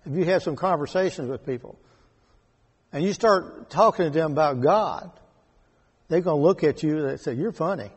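A man leading a Bible study, reading verses and explaining them slowly and deliberately. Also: a little high, husky. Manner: slow and deliberate, rereading scripture verses aloud. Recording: echoey hall with long reverb.

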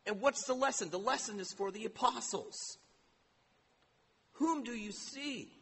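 A pastor preaching a sermon, emphatic and full of rhetorical questions. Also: male voice, very high voice, measured pace, gravelly, fairly bright tone, breathy edge. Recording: long hall reverb.

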